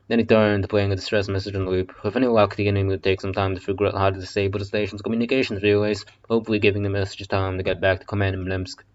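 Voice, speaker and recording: Man, casual audiobook reader, low voice, joking and cursing, lo-fi muffled audio. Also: flat delivery, fast talker. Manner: swearing, joking asides. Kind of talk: casual audiobook reading with asides. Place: basement.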